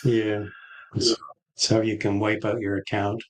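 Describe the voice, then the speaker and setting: A man co-hosting a live trading show, calmly commenting on charts. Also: lowish voice, measured pace, poor audio.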